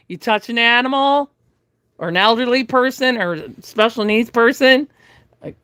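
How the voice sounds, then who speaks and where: A middle-aged woman chats on her livestream and spins a long personal story for her viewers. Her pitch leaps up and down as she acts out the other people in it and laughs along. The sound is close and dry, with almost no room echo. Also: fairly bright tone. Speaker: livestream host. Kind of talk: casual storytelling to live chat.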